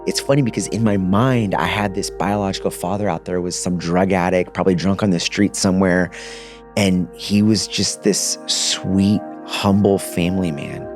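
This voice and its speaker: A man in his thirties with a very deep, low-pitched voice shares a personal testimony on a podcast. He talks in a casual, animated way, with loose slang. Faint music plays quietly underneath. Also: normal speed. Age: 30s. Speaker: podcast guest.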